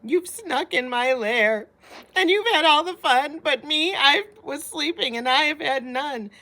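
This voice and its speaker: A woman's voice: sits high, expressive, measured pace, sharp tone, voice pushed up, heavily acted. A woman voicing a grumpy bear who complains he missed the fun, in a storybook read-aloud. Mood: whining. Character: grumpy big bear, whiny and sulking.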